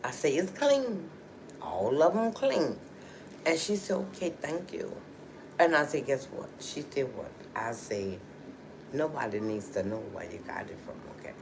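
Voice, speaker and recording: A woman's voice: rumbling low, animated, normal speed, vocal fry, noisy background. A woman telling a personal story to her livestream viewers in a chatty, emotional way, full of "you know" and "okay". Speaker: livestream host.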